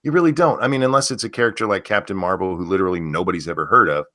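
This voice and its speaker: A man's voice: sits low, very fast, pushed and bright, no room sound, studio quality. A man co-hosting a casual live stream who rants bluntly and swears freely. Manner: blunt, profane ranting. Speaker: co-host.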